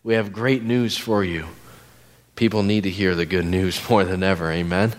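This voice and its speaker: A man's voice: low-pitched, fairly even intonation, normal speed. A man giving a casual, conversational sermon in a church, full of fillers and asides to the congregation. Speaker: guest preacher.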